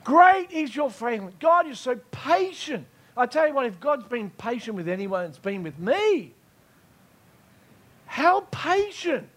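A male preacher with a strikingly high voice delivers his sermon emphatically. He circles back on key lines and keeps checking that the room is following him. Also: big pitch swings, moderate pace. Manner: emphatic, repeats key phrases, checks in with listeners.

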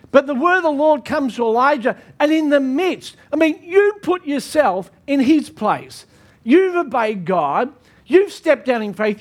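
A pastor preaching an earnest, emphatic sermon with dramatic pauses. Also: male voice, very high voice.

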